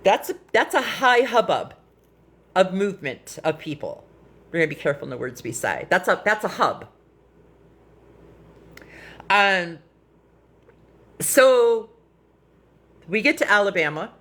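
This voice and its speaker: A middle-aged woman, an activist, telling her own experience in a frank, animated way on a casual live stream. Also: medium pitch, a little slow, pauses often. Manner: animated, quotes people in lively voices; frank and blunt.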